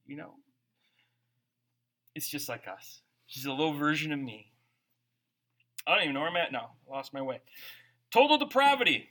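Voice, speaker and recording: A man's voice: fairly high pitch, expressive, normal speed, pauses often, fairly bright tone. A man preaching a conversational sermon, reading scripture aloud and breaking into informal, jokey asides. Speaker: pastor.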